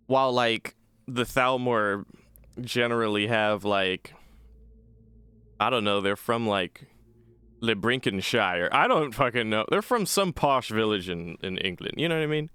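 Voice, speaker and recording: A man's voice: medium pitch, lively intonation, unhurried, sharp tone, clear, resonant tone, dry recording. A man giving rambling, casual, profane let's play commentary as a gaming channel host.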